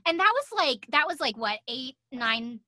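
Chatty young woman, bright and dry. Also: high-pitched, sing-song, moderate pace, dry recording. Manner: chatty, swears, laughs often. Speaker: podcast co-host. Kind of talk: casual recap chat.

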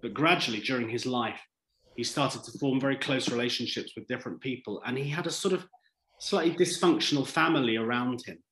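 A man who co-wrote a drama series, answering interview questions in an animated, thoughtful way. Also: mid-range voice, fairly quick, echoey room, poor audio. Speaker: series writer.

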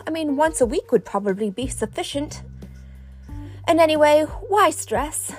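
A woman's voice: a little high, a little mellow. A middle-aged woman talking playfully and teasing herself in a personal vlog, chatting straight to her viewers. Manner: playful, self-mocking, talks straight to viewers. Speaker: vlogger.

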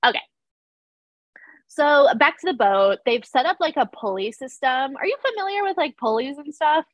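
A woman's voice: sits high, lively intonation, normal speed, no echo, highs cut off. A young woman recapping a TV episode in casual chat, laughing often and saying "like" a lot. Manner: chatty, laughs often, fillers like "like". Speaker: podcast co-host recapping a TV episode.

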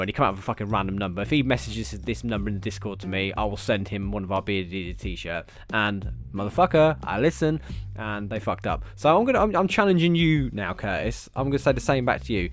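A man, hosting his own podcast and rambling through stories, swearing constantly and getting animated. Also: lowish voice, quick pace, few pauses, faint music behind. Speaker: podcast host. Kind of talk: casual solo podcast chat.

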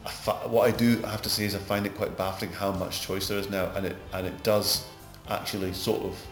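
A middle-aged Glaswegian man, an actor being interviewed, rambling through anecdotes that grow animated. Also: fairly low pitch, brisk. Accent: Glaswegian Scottish. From Scotland. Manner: rambling anecdotes, gets animated telling stories. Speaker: actor guest. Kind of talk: casual interview chat. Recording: roomy echo, music behind.

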